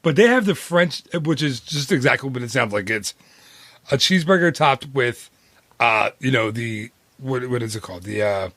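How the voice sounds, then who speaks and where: A man's voice: medium pitch, expressive, moderate pace, a bit bright, dry recording. Chatty dude-saying man, dry sound. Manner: chatty, rambling, says "dude" often. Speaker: podcast co-host. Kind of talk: casual podcast chat.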